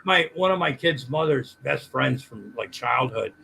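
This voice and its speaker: A man's voice: medium pitch, animated, moderate pace, vocal fry, pushed and bright, husky, low-quality recording. An older man on a livestream chat, rambling and cursing with many restarts. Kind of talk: casual chat.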